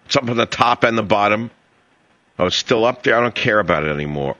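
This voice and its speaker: A man's voice: fairly low pitch, lively intonation, fast, sharp tone, no echo, dull audio. A middle-aged man with a New York accent hosting a talk radio show, brash and mocking, full of sarcasm.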